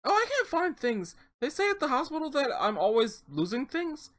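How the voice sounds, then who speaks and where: A reader doing a high, eager young woman patient. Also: sing-song, normal speed, fairly bright tone. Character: nineteen-year-old female psychiatric patient.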